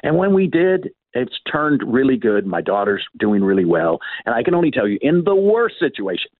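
A man's voice: mid-range voice, very animated, moderate pace, no room sound. An older man guest, telling stories in an interview and acting out the voices of the people in them. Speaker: author and guest. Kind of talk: animated storytelling in an interview. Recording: tinny phone-like line.

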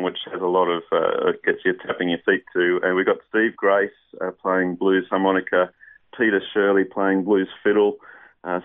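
An Australian man, a musician, talking in a casual radio interview, hesitant with many restarts and fillers. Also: sits low. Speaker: musician guest. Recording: tinny phone line.

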